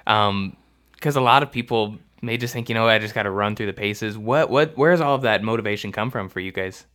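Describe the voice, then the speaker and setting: A man's voice: on the low side, brisk. A man interviewing guests, asking long questions that he corrects as he goes and laughing at himself. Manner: warm, rambling questions with self-corrections and laughs. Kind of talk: conversational interview.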